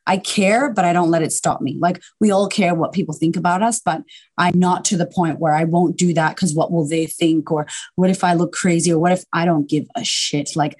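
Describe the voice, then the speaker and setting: A woman guest on a podcast, a confidence coach talking in an animated, emphatic way and swearing casually. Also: on the low side, brisk. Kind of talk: casual interview chat.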